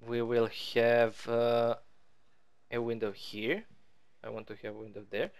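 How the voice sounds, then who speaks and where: Slow, smooth-voiced man playing a game. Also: mid-range voice, completely flat delivery. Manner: rambling, playful, self-mocking. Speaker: gaming channel host. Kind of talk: casual let's-play commentary.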